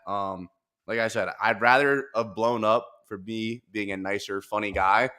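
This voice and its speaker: A man hosting a casual podcast, talking in animated, profane rants with bursts of laughter. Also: mid-range voice, normal speed. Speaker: podcast host.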